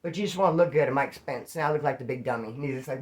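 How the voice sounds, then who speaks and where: A former inmate tells stories casually at a racing pace, his voice medium-pitched. He's profane and slangy, acting out other people's lines as he goes.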